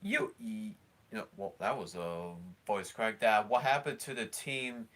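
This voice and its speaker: Slow, halting man commentating. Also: lowish voice, expressive, fairly bright tone. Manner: halting, many fillers and restarts. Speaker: stream host commentating along with a broadcast. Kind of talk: casual live commentary.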